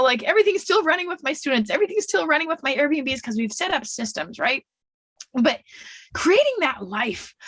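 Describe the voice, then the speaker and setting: A woman in her thirties giving a chatty, animated webinar talk, often checking in with "right?". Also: high voice, no room sound. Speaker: guest speaker. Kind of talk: webinar presentation.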